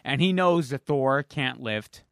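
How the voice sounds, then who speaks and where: A man's voice: medium pitch, expressive, unhurried, no echo. Man, podcast co-host, rambling story recap, fillers, swearing, dry close sound. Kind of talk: casual chat.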